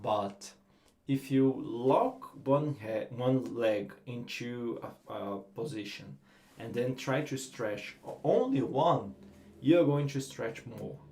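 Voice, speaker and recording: A man with a Brazilian accent, giving a relaxed guitar lesson and explaining technique with frequent fillers. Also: mid-range voice. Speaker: guitar teacher. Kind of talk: instructional lesson.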